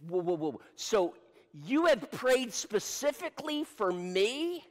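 Man voicing zealous male disciple, excited, rushed speech, lively pitch, long reverb. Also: exaggerated voice. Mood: anxious. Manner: fast, breathless and excited. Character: eager zealous male disciple, middle-aged fisherman.

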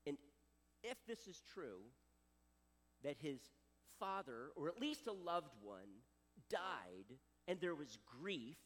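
A man preaches a sermon with a high, lively voice that swoops up and down. He delivers it with dramatic flair in a hall with a long echo. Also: takes it slowly, long pauses. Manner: animated, dramatic preaching with acted quotes. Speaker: pastor.

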